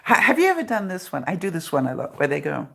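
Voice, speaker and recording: A middle-aged woman with a low voice talks casually into her phone on a live broadcast. She chats with viewers, laughs easily and leans on dry, sarcastic humor. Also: huge pitch swings, fast talker, gravelly, slightly rough. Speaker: vlogger hosting a live broadcast. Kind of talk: casual live-stream chat.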